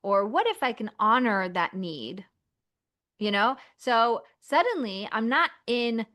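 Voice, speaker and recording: Woman guest on a chat podcast, lively, slightly high and very bright voice. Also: slow pace. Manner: lively, acts out inner voices. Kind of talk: casual podcast conversation.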